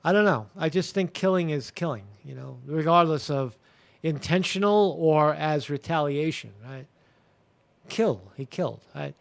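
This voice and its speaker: A man's voice: a little high, normal speed, vocal fry. A man hosting a live commentary show, talking casually with many fillers, restarts and crude language. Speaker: show host.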